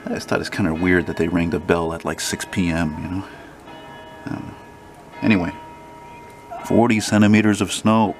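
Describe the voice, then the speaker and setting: A man's voice: sits low, little pitch movement, normal speed, pauses often, music in the background. A man, walking through snowy city streets and telling a rambling, profanity-laced story to his handheld camera. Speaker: vlogger. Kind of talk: casual walking vlog storytelling. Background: faint city traffic.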